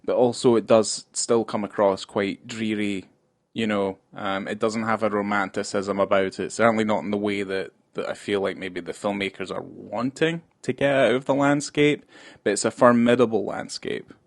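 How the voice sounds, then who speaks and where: Low-voiced Scottish man, dry close sound. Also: steady tone, normal speed, dry recording. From Scotland. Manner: rambling, many restarts, candid swearing. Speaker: podcast co-host. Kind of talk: casual film discussion.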